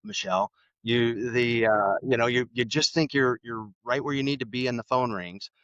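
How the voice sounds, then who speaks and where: A middle-aged man, a podcast guest, telling stories in a relaxed way with lots of fillers and restarts. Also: mid-range voice, moderate pace, no echo. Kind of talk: casual interview storytelling. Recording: slightly dull, dry sound.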